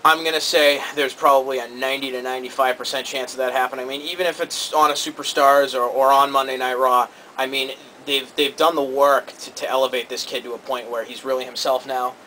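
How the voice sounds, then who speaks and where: A man co-hosting a casual talk show, giving quick, opinionated takes with lots of energy. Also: medium pitch, little pitch movement, sharp tone, slight background noise, rough recording. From Cambridge area. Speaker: co-host.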